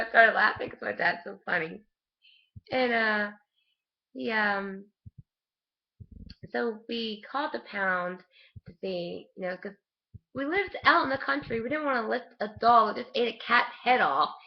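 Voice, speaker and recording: Casual vlogger, female, low gravelly voice, loose rambling storyteller, lo-fi webcam sound. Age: adult with a young son. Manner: rambling, laughing often, frequent restarts.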